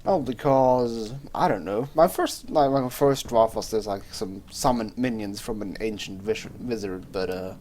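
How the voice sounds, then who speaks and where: A man's voice: lowish voice, unhurried, few pauses, a little mellow, a little hiss or hum. A young man chatting casually over his gameplay as a let's play host, rambling, swearing freely and often trailing off mid-sentence. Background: faint game music.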